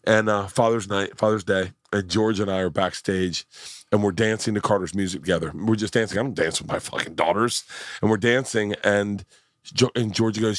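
A man hosting a podcast on a tour bus, rambling and swearing in casual chat, often halting and restarting. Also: on the low side, fairly even intonation, no echo, clean studio sound. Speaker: podcast host.

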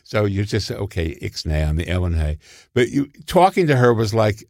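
Older man telling lively anecdotes. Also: moderate pace, no echo, studio quality. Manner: animated storyteller, jumps into high voices for quoted people. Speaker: guest comedy writer.

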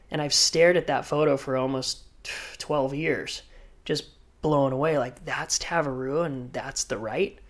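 A man telling a story in casual chat, animated, acting out quotes and laughing. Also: fairly high pitch. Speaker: guest surfer.

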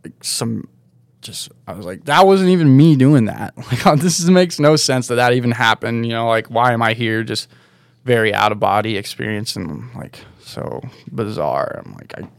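A man's voice: mid-range voice, expressive, moderate pace, gravelly, a bit bright, no room sound, studio quality. A young man telling a story on a podcast in a laid-back, rambling way, full of "like" and "dude". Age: young adult. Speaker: guest snowboarder.

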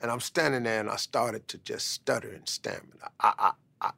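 Gravelly man telling a life story. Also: mid-range voice, steady tone, fairly quick, sharp tone. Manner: emphatic, repeats "man" for stress. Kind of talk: motivational storytelling.

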